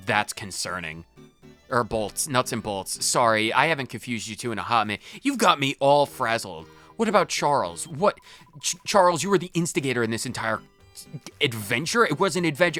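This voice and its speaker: An exasperated man rants in character while he plays a game, his pitch leaping up and down. His voice is bright and forward. Faint game music plays underneath. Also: lively intonation, moderate pace. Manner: exasperated, ranting. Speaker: let's play streamer. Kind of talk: in-character role-play commentary.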